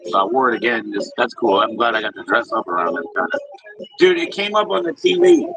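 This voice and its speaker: A laid-back man hosting a live stream, greeting viewers and chatting casually with plenty of slang and swearing. His voice has a gravelly edge and swoops up and down a lot. Music plays clearly behind him. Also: medium pitch, big pitch swings, a little fast, fairly bright tone, rough recording. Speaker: livestream host. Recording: music playing in the background.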